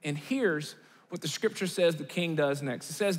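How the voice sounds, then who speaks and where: A man preaching a sermon in a lively storytelling manner, often checking in with the congregation. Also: fairly high pitch, normal speed. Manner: animated, checks in with the audience often. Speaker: guest preacher. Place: large church auditorium. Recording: long church hall reverb.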